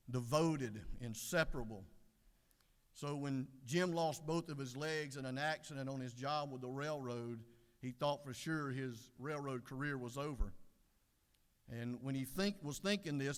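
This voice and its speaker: A middle-aged man giving a folksy devotional sermon, unhurried with many fillers. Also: mid-range voice. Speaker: devotional speaker. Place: legislative chamber. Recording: echoey chamber.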